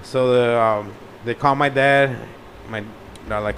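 A young man telling a profane, animated story in casual slang. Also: medium pitch, moderate pace, hardly any pauses, slight background noise.

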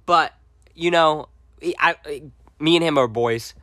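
A young man sits at the mic telling a story from his school days, animated and quick to laugh. His voice is bright and forward. It sounds close and dry. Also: fairly high pitch, no echo. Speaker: podcast co-host. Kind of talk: casual storytelling chat.

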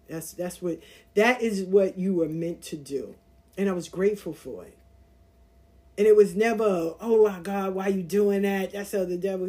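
A woman hosting a podcast, telling a personal story in a casual, animated way and acting out the voices of the people in it. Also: on the low side. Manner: animated, acts out voices in her anecdotes. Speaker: podcast host.

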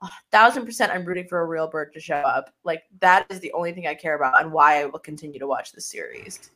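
A woman guest on a podcast panel, chatting casually and animatedly, with big pitch swoops when she quotes people. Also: quick pace, pushed and bright.

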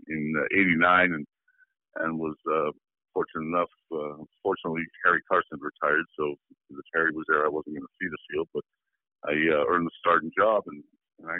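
A man's voice: very deep voice, no room sound. A man in his sixties, a former football player, telling a long story in a rambling way, full of fillers and restarts, as a guest on a phone interview. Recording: tinny phone line.

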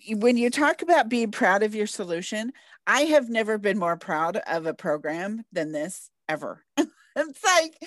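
A woman with a medium-pitched voice hosts an interview podcast, recorded with no room sound. She's bubbly and gushing, laughing often during the casual chat.

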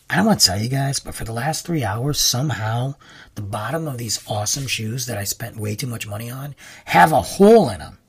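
At a normal speed and with a slightly rough voice, this man rambles through a personal story on the podcast he hosts. His casual delivery is animated, leaping upward whenever he gets excited.

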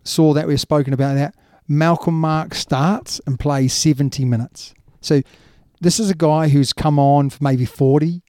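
A man's voice: a little high, fairly even intonation, a little slow, hardly any pauses, darkish tone, no echo, clean studio sound. A man co-hosting a casual rugby chat, emphatic and chatty, often dropping in yeah and you know. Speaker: rugby podcast co-host.

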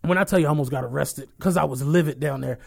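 High-voiced animated Philly podcast host. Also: male voice, quick pace, gravelly. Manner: animated storytelling, acts out quoted people, laughs often. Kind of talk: casual podcast banter.

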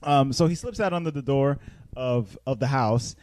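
Swapping into silly character voices as he goes, a podcast host loosely walks his friends through a film's plot, laughing frequently and rambling. His mid-range voice has lively intonation and a darkish tone, at a moderate pace.

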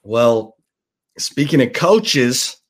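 A man co-hosting a casual sports podcast, reading out breaking news and then musing about it in an unhurried way. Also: mid-range voice, very animated, husky.

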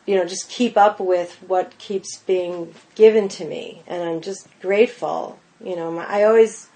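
Fairly low in pitch and a little slow, the voice belongs to a pastry chef guesting on a podcast. In easygoing chat she tells vivid stories, leaning on "like" and "you know" and acting out people's lines.

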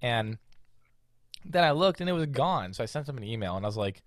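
Young male co-host, Chicago-raised, casual and animated, mid-pitched, dry booth sound. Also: fairly quick, no echo. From Chicago area. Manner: animated storyteller, acts out quotes. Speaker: podcast co-host. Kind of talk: casual chat.

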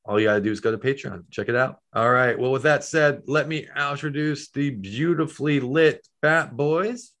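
A man's voice: mid-range voice, moderate pace, hardly any pauses, a bit bright. A man hosting an improv comedy podcast, giving an upbeat, jokey sign-off. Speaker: podcast host. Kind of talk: improv comedy and show outro.

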